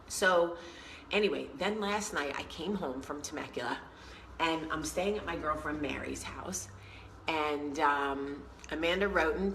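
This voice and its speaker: This is a woman telling a story in a casual vlog, her voice sitting low in pitch. Her tone is bright and forceful, and she acts out the people in her story as she goes. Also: a little hiss or hum, low-quality recording. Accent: New York. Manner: chatty, animated storyteller who acts out quotes. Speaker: vlog host.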